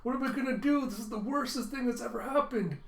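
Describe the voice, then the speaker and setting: A man voicing an excitable, mischievous little girl telepath in a high, whiny, squealing voice. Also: fast. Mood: panicked. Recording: echoey room.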